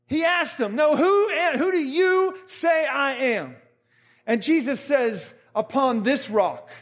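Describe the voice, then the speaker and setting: High-pitched, fervent male preacher. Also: lively intonation, takes it slowly. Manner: fervent, repeats phrases, rises to shouts. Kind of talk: sermon.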